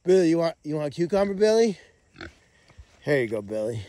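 A man's voice: a little high, sing-song, a little fast. A middle-aged man on a casual livestream, chatting to rescue pigs and calling their names outdoors on a farm. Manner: chatty, talks to pigs, calls names loudly. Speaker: animal sanctuary caretaker.

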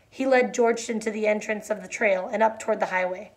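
A woman reads a novel chapter aloud in a quiet, even voice that drops low on the somber lines. When she finishes, she explains the ending in a chatty way, with fillers and restarts. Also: brisk, few pauses. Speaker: teacher reading a novel aloud. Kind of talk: read-aloud and plain explanation.

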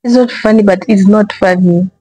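A woman's voice: mid-range voice, fairly even intonation, normal speed, mellow, breathy edge, low-quality recording. A woman hosting a reaction video, talking casually, exasperated and profane, often repeating herself.

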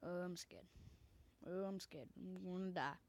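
A woman doing the voice of a very old man who is scared of dying, loud and quavering. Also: on the low side, a little slow. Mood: panicked.

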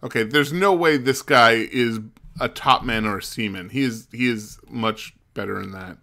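A man's voice: mid-range voice, normal speed, pushed and bright. A man streaming a mystery game, thinking aloud and muttering as he puzzles things out. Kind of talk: casual let's-play commentary.

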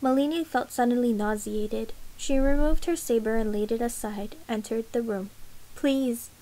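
A woman reads a novel aloud in a measured, quiet way. Her voice sits a little high and even, unhurried from line to line. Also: low-quality recording. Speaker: audiobook reader.

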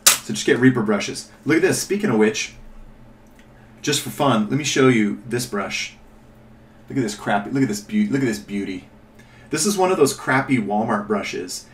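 With a medium pitch, lively intonation and normal speed, a man hosts a casual miniature painting tutorial, chatting and rambling as he thinks aloud and corrects himself. The recording has a little hiss or hum and comes from a distant mic in an echoey room.

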